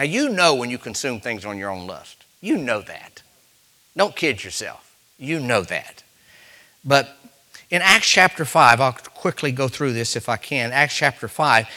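A man preaching a sermon, telling stories to the congregation with quick asides and rising to loud, emphatic peaks. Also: mid-range voice.

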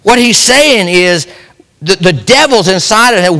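High, animated preacher in a reverberant hall. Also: male voice, a little slow. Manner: impassioned, asks the congregation rhetorical questions. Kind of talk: sermon.

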